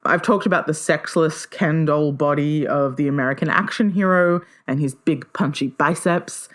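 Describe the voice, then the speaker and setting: A woman hosting her own podcast, talking solo in a playful, enthusiastic way and often jumping up in pitch with excitement. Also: moderate pace. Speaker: podcast host.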